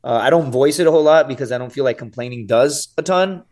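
Animated man telling a story casually. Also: mid-range voice, fast. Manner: animated, swears freely, says "dude" and "right?" often. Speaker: podcast guest, survival show contestant.

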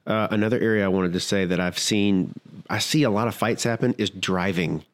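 A man's voice: lowish voice, a little fast. A married man co-hosting a casual talk show about marriage, telling stories and acting out the people in them. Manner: animated storyteller, acts out quoted lines. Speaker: podcast co-host. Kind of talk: casual marriage advice chat.

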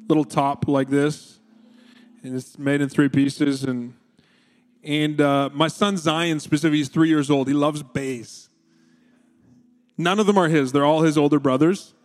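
Pastor, man, 30s, bright high register, animated sermon storyteller, long hall reverb. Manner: storytelling, animated, quoting his kids with raised pitch.

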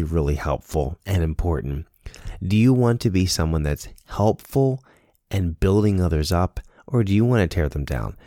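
Deep earnest man telling a lesson. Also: warm tone, no echo, clean studio sound. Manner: earnest, storytelling with quoted dialogue. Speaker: speaker sharing a personal lesson. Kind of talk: casual monologue.

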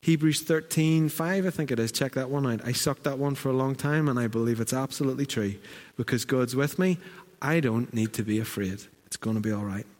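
Northern Irish pastor in a reverberant hall. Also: male voice, medium pitch, brisk. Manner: conversational preaching with lively storytelling asides. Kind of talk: sermon. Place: church hall.

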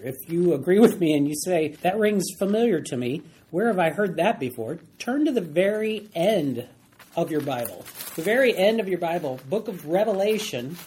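Husky guy teaching a bible study, gets excited, repeats himself for emphasis. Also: high-pitched. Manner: animated, emphatic, repeats key phrases.

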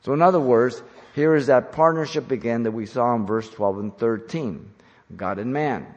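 A man preaching an expository sermon as a pastor, emphatic and deliberate, slowing down on key phrases. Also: mid-range voice, dull audio. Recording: long hall reverb.

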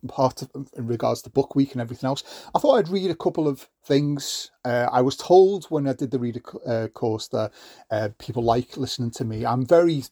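Gravelly man, chatty and rambling. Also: mid-range voice, brisk, dark tone, dry recording, studio quality. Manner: rambling, many fillers and restarts. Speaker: podcast host. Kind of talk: casual podcast talk.

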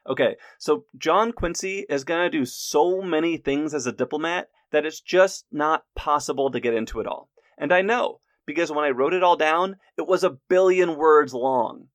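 A man narrates history from a script with lively energy and jokey asides to the listener. His voice sits a little higher than most men's. The recording is close and dry. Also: dry recording.

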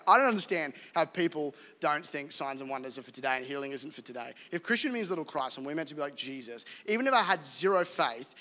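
A man with an Australian accent preaching a live sermon as pastor, animated and jokey, laughing at himself. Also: on the high side. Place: church hall. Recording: live hall reverb with faint music.

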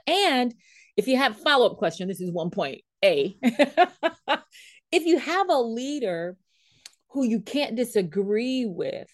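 A woman leadership coach and trainer telling a story in a coaching talk. She is animated, acts out what people said and laughs often. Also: lowish voice, dry recording, clean studio sound.

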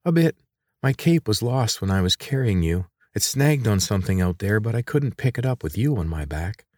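Once more a man voices the mouthy teenage girl from his story: blunt, sarcastic, quick to feel slighted, higher than his own voice and bouncing up and down. The recording is close and dry with no echo, and her mood is guarded and bitter.

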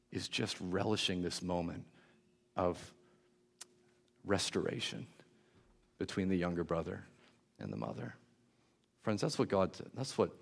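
A man preaching a sermon, telling a moving story with warmth and hushed, emotional moments. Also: on the low side, gravelly, breathy edge.

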